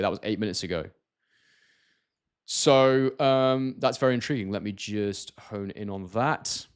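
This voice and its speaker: Hosting a relaxed live stream, a man from Scotland reads viewer comments aloud, often hesitating and starting over. His voice is medium in pitch.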